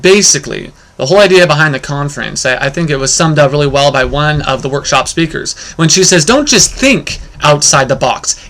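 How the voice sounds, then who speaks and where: Young man, librarian, casual vlog recap, slightly high voice. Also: quick pace, few pauses, fairly bright tone. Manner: jokey storyteller, then earnest recap. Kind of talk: casual video talk.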